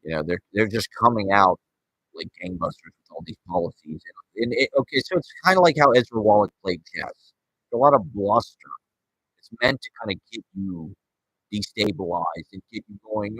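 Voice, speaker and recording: A man's voice: lowish voice, sing-song, normal speed, creaky, fairly bright tone, husky, no room sound, low-quality recording. A man in his forties rambling and ranting sarcastically and profanely as he hosts his show solo. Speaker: podcast host. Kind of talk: solo casual rant.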